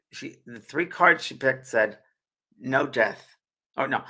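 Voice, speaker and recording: A middle-aged spiritual medium hosts a live show from a desk mic, chatting with viewers and sometimes growing emotional and tearful. His mid-range voice is unhurried with a sharp tone, and the recording is rough.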